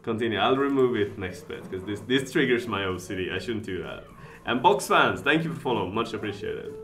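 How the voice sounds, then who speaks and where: Excitable streamer. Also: male voice, fairly low pitch, fairly quick, soft background music. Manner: excitable, thinks aloud, reads chat. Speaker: casino streamer. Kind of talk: live-stream commentary.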